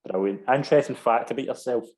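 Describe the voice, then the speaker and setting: A man hosting an interview, briskly moving through questions with short affirmations. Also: medium pitch, a little mellow. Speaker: host. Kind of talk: casual interview.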